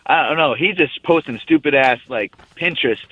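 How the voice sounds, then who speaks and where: A man's voice: mid-range voice, moderate pace, no room sound. A young man calling in to a casual radio interview, talking in a rambling, loose and profane way. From United States. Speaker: guest fighter. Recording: tinny phone line.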